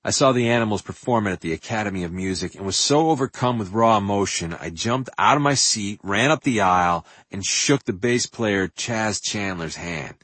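Husky older man narrating his memoir. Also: lowish voice, normal speed, few pauses, dry recording. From New York. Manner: animated, profane, swings from loud outbursts to hushed asides.

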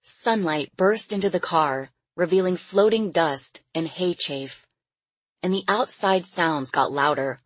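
A woman narrating an audiobook in a steady, measured way. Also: lowish voice, breathy edge, no room sound.

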